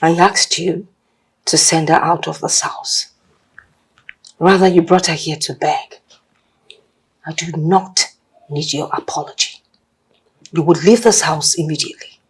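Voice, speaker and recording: A domineering husky-voiced mother-in-law. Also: low voice, fairly even intonation, measured pace, long pauses, heavily acted. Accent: Nigerian English. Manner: imperious, commanding. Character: domineering older mother-in-law, hostile and proud.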